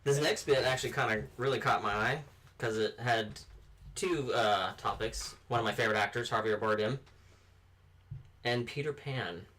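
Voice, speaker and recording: A man's voice: mid-range voice, normal speed, sharp tone. Casual man reading movie news. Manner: reads news items with casual asides. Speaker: podcast host.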